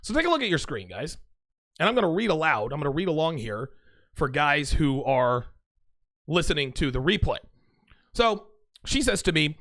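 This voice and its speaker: A man talks straight to his audience in a blunt, profane monologue. His voice sits a little high and swings widely in pitch as he reads messages aloud. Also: sing-song, a little fast, long pauses, a bit bright. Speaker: host. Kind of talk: monologue to camera.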